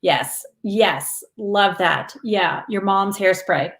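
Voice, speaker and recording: A woman's voice: medium pitch, slow, fairly bright tone, reverberant. A woman hosting a spiritual live stream, chatting with viewers in an earnest, rambling way and laughing often.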